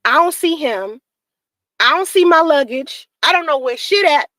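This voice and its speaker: A woman's voice: high-pitched, expressive, normal speed, sharp tone, dry recording, poor audio. A woman telling a personal story in a casual, profane way, acting out the dialogue she quotes. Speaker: storyteller in a played clip.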